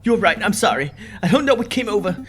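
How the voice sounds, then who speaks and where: A man's voice: sits high, fast talker, soft background music. A man casually commenting on a game and reading the hero's lines aloud. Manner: animated, chatty, reads lines aloud. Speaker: let's play host.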